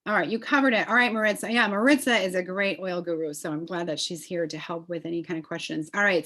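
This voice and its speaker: A woman's voice: mid-range voice, fast, hardly any pauses, fairly bright tone. Enthusiastic chatty woman presenter. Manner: enthusiastic, chatty, many fillers. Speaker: essential oils presenter. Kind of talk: live online class.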